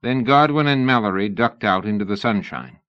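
A man giving steady scripted audiobook narration in a dull lo-fi recording. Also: lowish voice, moderate pace, no echo.

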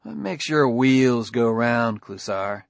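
Steady male detective, firm and dryly needling, middle pitch, from a male audiobook reader in a dead-dry booth. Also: takes it slowly, creaky, no room sound, exaggerated voice.

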